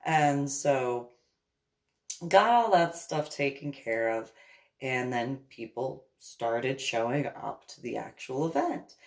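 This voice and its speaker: A woman's voice: extremely low pitch, animated, takes it slowly. A woman from New Jersey telling a long, rambling story in a casual vlog, laughing often and acting out what she said. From New Jersey, USA. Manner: rambling, laughs often, acts out her own orders. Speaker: vlogger.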